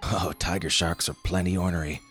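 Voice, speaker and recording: A man voicing a mellow alien beach hermit in a story reading, with a laid-back drawl. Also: low-pitched, little pitch movement, brisk, soft background music. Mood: easygoing. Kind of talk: audiobook character voice.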